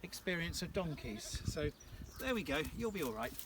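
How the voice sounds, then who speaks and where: A man's voice: a little high, big pitch swings, moderate pace. A man in his thirties giving a chatty, jokey casual tour of farm fields outdoors. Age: 30s. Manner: jokey and chatty, teasing asides. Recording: distant outdoor recording with field noise.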